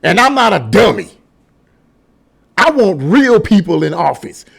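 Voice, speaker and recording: A man's voice: sits high, very animated, a little slow, vocal fry, a bit bright, breathy edge. A man hosting his own commentary channel, delivering a heated, emphatic political rant with lots of repetition. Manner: mocking singsong asides.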